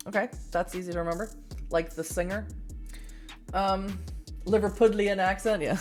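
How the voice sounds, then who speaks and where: A woman's voice: medium pitch, steady tone, normal speed, long pauses, soft background music. A woman from Massachusetts reading an interactive novel aloud as a streamer, giggly and self-deprecating in her chat asides. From Massachusetts, USA.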